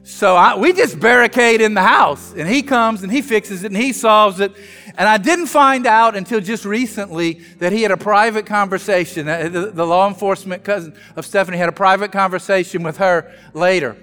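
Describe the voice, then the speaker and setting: A man from South Louisiana preaching a sermon, telling self-mocking stories with animated humor. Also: sits high, brisk, long reverb tail. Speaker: pastor.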